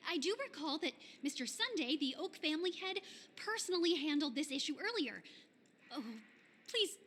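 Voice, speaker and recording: A woman's voice: sits high, animated, normal speed, fairly bright tone, slight background noise. A woman voicing a polite, apologetic hotel receptionist in a game dub. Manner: courteous, apologetic.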